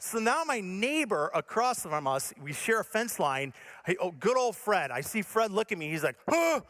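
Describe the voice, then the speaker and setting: A male pastor telling a story in a sermon, animated and self-mocking, acting out his own panic. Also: high voice, normal speed. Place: church stage.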